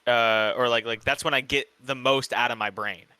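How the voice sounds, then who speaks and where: A man's voice: medium pitch, steady tone, normal speed, bright, forceful tone, clean tone, no room sound, poor audio. A man in his twenties chatting casually about his routine, rambling and trailing off. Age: 20s. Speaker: student player being coached. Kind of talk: casual chat.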